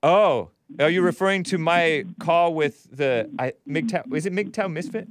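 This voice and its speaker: A man's voice: on the high side, lively intonation, measured pace. A man hosting a live talk show, commenting sardonically and laughing often. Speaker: host.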